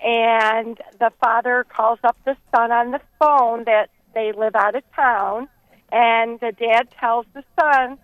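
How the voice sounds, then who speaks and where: Lady caller telling a joke on the phone, laughy and animated, higher pitch, muffled dry line. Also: takes it slowly, clean tone, no echo. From New York State. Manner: giggly, animated storyteller. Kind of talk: telling a joke on call-in radio. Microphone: telephone.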